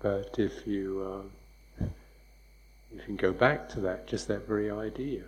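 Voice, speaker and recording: A man giving a dharma talk as a meditation teacher, speaking softly and unhurriedly, with reflective repetitions. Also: on the low side, steady tone, a little slow, poor audio.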